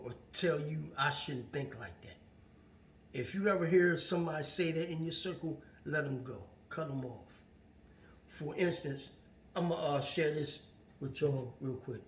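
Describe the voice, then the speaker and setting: A man's voice: a little high, slight background noise. Earnest preachy man in a roomy echo. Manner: earnest and preachy, repeats phrases. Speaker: vlogger. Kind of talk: casual motivational monologue. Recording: roomy echo, far from the mic.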